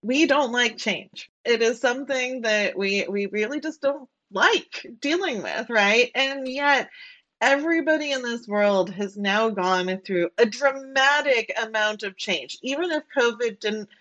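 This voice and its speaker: A woman's voice: fairly high pitch, measured pace, fairly bright tone, highs cut off. A woman being interviewed as an engineering leader, answering freely with lots of "like" and "right?" fillers over a remote call. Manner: talks freely, frequent "like" and "right?".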